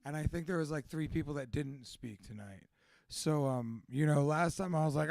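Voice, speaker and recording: A man's voice: a little high, normal speed, creaky, no echo. Young male MC, casual and profane, raised voice, dry close recording. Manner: rambling, profane, laughs often. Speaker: event host and MC. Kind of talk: casual closing remarks to a live audience. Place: tattoo shop event space.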